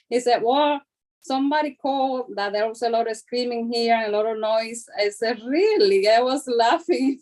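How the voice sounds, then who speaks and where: Lady realtor calling in, chatty, keeps laughing thru her story, kinda high voice. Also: darkish tone. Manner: chatty, laughs often while telling a story. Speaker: caller; real estate agent. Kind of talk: casual storytelling on a call-in show.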